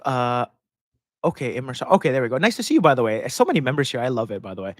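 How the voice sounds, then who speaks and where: A man's voice: mid-range voice, expressive, very fast, no echo. A man hosting a casual live-stream question and answer session, talking in a rambling, chatty way and laughing often mid-sentence into a close microphone. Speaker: host answering viewer questions. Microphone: close desk microphone.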